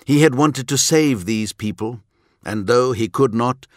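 A man reading a scripted audiobook narration in a measured, dramatic way. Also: medium pitch, no echo, studio quality.

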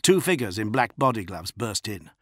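A man narrating a science-fiction audiobook in a measured, dramatic way. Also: fairly low pitch, sing-song, a bit bright, no echo, studio quality.

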